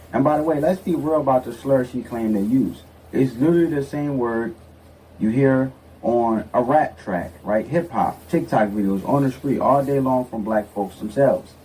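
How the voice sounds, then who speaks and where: A man's voice: mid-range voice, mellow. A man giving blunt, sarcastic opinion commentary, stressing his points emphatically. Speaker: political commentator. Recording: distant mic with faint noise.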